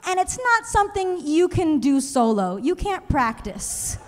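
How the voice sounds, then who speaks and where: A young woman doing a stand-up comedy set, telling animated stories and acting out other people's voices. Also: very high-pitched, measured pace. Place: comedy stage in a museum venue. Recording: live show in a reverberant hall.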